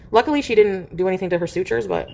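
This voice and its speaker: A woman's voice: medium pitch, expressive, fairly quick, creaky. A woman chatting casually on a livestream, rambling and filling her speech with "like". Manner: rambling, with heavy use of "like"; coos softly to her cat in baby talk. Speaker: streamer.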